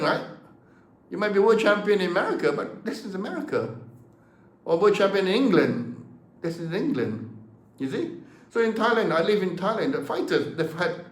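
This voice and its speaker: A man's voice: high voice, sing-song, normal speed. Emphatic man in his seventies, echoey room. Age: 70s. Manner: emphatic, rhetorical questions, repeats words. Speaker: martial arts teacher. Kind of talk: passionate talk to camera.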